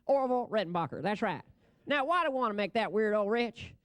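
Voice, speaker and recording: A man's voice: high-pitched, animated, fast talker, a bit bright, clean tone, no room sound. A man giving a comic, ad-libbed stage presentation at a convention. He talks into a podium microphone, rambles brashly and laughs at his own jokes.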